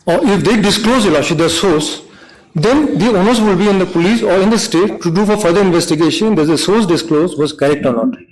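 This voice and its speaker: Man, lawyer, deferential and halting, high-pitched voice, courtroom pleading. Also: rough recording. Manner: deferential, halting, repeats "Lordship". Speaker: government counsel. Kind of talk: courtroom submission.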